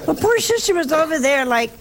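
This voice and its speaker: Woman, gravelly voice, religious speaker, folksy spiritual talk, humorous storyteller, does the voices of people she quotes. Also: high-pitched, sing-song, fairly quick, heavy background noise. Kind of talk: spiritual talk to a broadcast audience.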